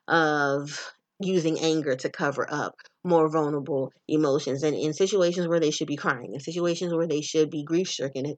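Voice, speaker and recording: A woman talks straight to her listeners in a loose, unscripted podcast monologue. She swears freely and stays animated and playful throughout. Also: low-pitched. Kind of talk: casual monologue on relationships.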